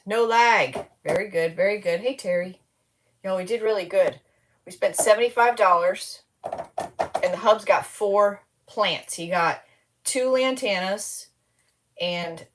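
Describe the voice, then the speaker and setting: A woman hosting a casual live stream, tired and slap-happy, rambling as she greets viewers by name. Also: on the low side.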